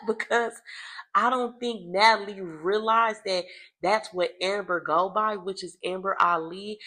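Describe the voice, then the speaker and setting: A young adult woman recapping reality TV in casual, profane gossip with dramatic loud outbursts. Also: lowish voice.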